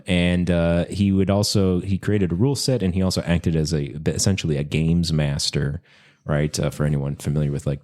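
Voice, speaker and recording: A man's voice: low-pitched, mellow. A man co-hosting a podcast, telling a history story in casual chat with many fillers and restarts. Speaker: podcast co-host.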